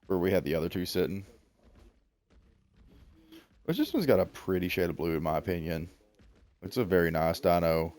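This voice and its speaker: Deep-voiced Southern man streaming a game. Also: animated, moderate pace, pauses often, darkish tone. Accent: Southern American. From Southern United States. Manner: rambling, self-mocking, chats to the game animals. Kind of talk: casual gameplay commentary.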